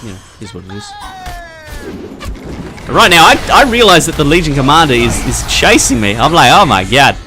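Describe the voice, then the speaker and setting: A young man casually commenting on his own gameplay, chatty and quick to laugh, getting excitable in tense moments. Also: on the high side. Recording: faint background music.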